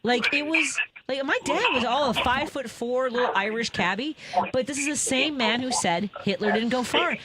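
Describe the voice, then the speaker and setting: Animated woman radio host telling stories. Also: very noisy. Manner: animated, wide pitch swings, quick asides. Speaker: radio talk show host. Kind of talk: talk radio storytelling.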